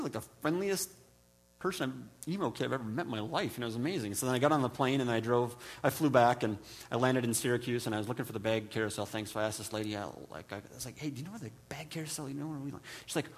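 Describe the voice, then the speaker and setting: A man preaching a sermon, from the Midwest, telling humorous stories with frequent restarts. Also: quick pace. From American Midwest. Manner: storytelling, self-deprecating humor, many restarts; mimics others with high put-on voices. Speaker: pastor.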